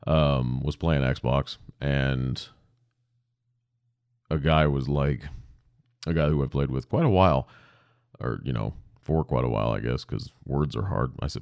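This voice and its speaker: A man's voice: a bass voice, a little slow, gravelly, pauses often, darkish tone, clean tone, no room sound, clean studio sound. A young man hosting a podcast, rambling casually and self-deprecatingly with lots of swearing. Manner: profane, self-deprecating, digressive. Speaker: podcast host. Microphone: podcast microphone.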